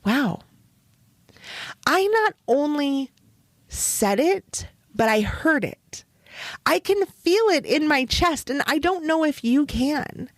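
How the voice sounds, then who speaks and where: A woman hosting a wellness podcast, speaking directly to the listener in a gentle, reflective, encouraging way. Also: high voice, lively intonation, slow, no room sound. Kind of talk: gentle motivational talk.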